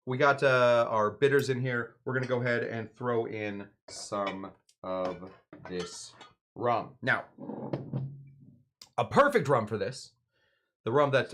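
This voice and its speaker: A man's voice: fairly low pitch, a bit bright. A man hosting a live cocktail show, talking casually and digressively, with many fillers, asides and jokes. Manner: jokey, answers his own questions. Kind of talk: casual live drink-making demonstration.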